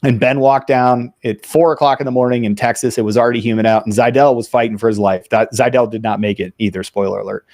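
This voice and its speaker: A man's voice: medium pitch, fairly even intonation, fast talker, few pauses, darkish tone, no room sound, studio quality. A man hosting a podcast, telling stories in a blunt, profane, casual way. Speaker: podcast host. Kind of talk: casual veterans' podcast talk.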